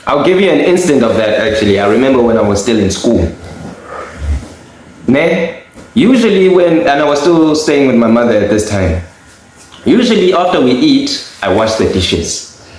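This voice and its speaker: A young man casually chatting as a podcast co-host, telling animated stories with laughter and acted-out quotes. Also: mid-range voice, moderate pace. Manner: animated, laughing storyteller who acts out quotes. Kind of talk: casual chat, storytelling. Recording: echoey room.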